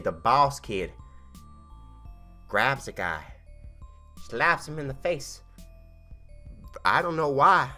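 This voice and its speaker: A man in his thirties tells a rambling, comic story of a game playthrough, jumping into quick character voices as he goes. His voice is bright and forward. Faint music plays under him. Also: medium pitch. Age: 30s. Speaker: gaming channel host.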